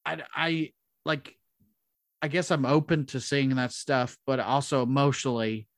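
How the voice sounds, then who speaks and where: A man hosting a casual podcast chat, relaxed and hesitant, with many fillers. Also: medium pitch, a little slow, no echo, clean studio sound. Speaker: podcast host.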